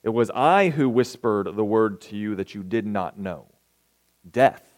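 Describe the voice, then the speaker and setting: A man reading a sly flattering serpent. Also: on the low side, unhurried. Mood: coaxing.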